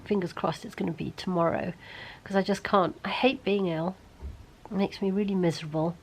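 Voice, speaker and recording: Brief: middle-aged woman vlogger, sick and hoarse, gravelly low voice, tired half-whisper, faint noise behind. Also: steady tone, brisk, poor audio. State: ill, congested and hoarse. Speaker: beauty vlogger. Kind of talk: casual vlog chat to camera.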